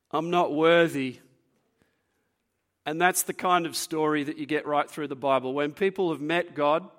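A young man preaching to a youth group, telling stories in a lively way and acting out what people said. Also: on the high side. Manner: animated storyteller, acts out quotes. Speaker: youth pastor. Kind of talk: youth sermon with storytelling. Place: room with a live audience.

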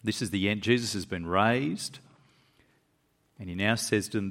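A man preaching a sermon to his congregation, reading scripture aloud and pressing his points with quick asides. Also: big-room sound. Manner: animated preaching, pitch rising and dropping for emphasis, quick asides. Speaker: pastor.

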